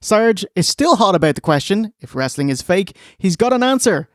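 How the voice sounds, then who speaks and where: A man's voice: high-pitched, very animated, moderate pace, few pauses, no echo. A man co-hosting a podcast, narrating a recap with wry, dry asides.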